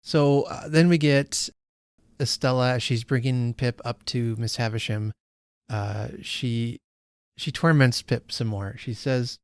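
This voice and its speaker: A man's voice: medium pitch, fairly even intonation, takes it slowly, clean tone, no room sound, clean studio sound. A man hosting a casual book read-along, reading passages and musing aloud, often restarting his sentences as he thinks. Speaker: book channel host.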